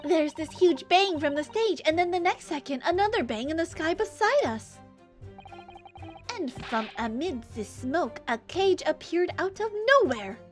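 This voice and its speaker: A woman voicing a spirited, excitable young female police inspector, boastful and slangy, while reading a game aloud. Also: very high-pitched, unhurried, faint music behind, pitched above the performer's own voice. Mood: urgent.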